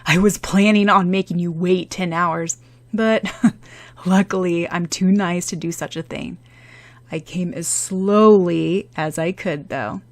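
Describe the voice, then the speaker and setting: A woman voicing a proud, irritable young boy who speaks in an indignant, exasperated, forceful way. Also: lowish voice, steady tone, slow pace. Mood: teasing.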